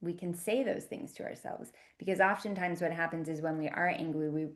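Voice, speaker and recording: A woman teaching in a gentle, conversational way, often checking in with asides. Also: fairly low pitch, fairly even intonation, fairly quick. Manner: gentle, conversational, many "you know" and "right?" asides. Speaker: communication teacher. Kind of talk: calm instructional talk to camera.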